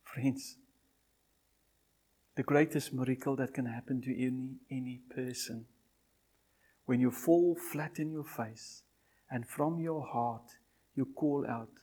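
An older man preaching a sermon and giving an altar call, pleading and repeating his phrases, swinging from loud cries down to near whispers. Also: medium pitch, fairly even intonation, unhurried.

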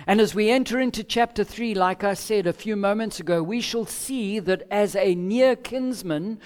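A man preaching an expository sermon, measured, with emphatic pauses and acted-out quotes. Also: sits high. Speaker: pastor.

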